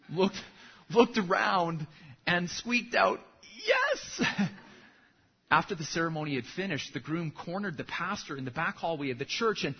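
A man's voice: on the high side, breathy edge, highs cut off. A man who is a pastor, preaching a sermon and telling a story with acted punchlines.

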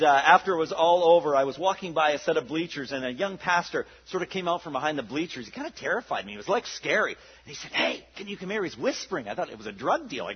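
A man with a high, husky voice preaches with fervor, sliding from near-whispers into ringing declarations. The recording is dull and lo-fi. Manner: impassioned preaching, swinging from hushed to loud. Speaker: pastor. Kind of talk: sermon.

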